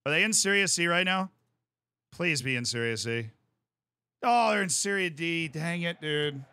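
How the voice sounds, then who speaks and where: A man in his twenties with an American accent, chatting casually on a live stream as he plays a game and reads out chat, bursting into excited yells. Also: on the high side, moderate pace, clear, resonant tone, no room sound, studio quality. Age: 20s. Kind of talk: casual live-stream commentary while gaming.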